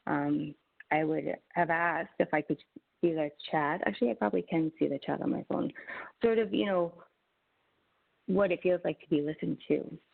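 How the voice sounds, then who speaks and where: A woman's voice: sits low, normal speed, vocal fry. A woman presenting a teaching webinar as a social worker, talking conversationally with frequent restarts over a video call. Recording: tinny phone-like webinar audio.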